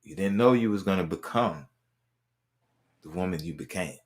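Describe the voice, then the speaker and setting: This podcast host has a low voice and a moderate pace, with a bit of hiss or hum in the audio. Casual and supportive during the interview, he leans on repeated affirmations like "right."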